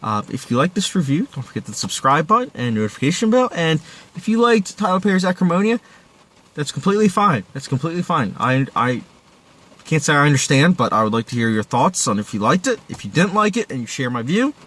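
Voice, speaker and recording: A man's voice: on the high side, very animated, fast talker, a bit bright. A man reviewing a film in a casual video, ranting in exasperation, losing his voice and talking straight to his viewers. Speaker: movie reviewer.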